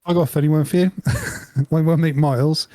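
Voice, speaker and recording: A man co-hosting a podcast, telling an animated story through laughter in casual chat. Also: on the high side, fairly quick, no room sound. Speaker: podcast co-host.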